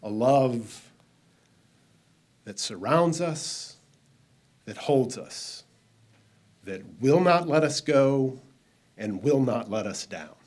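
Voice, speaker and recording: A man preaching a sermon in a church, slow and measured, leading the congregation in call-and-response. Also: medium pitch, animated, darkish tone. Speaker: minister. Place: church sanctuary.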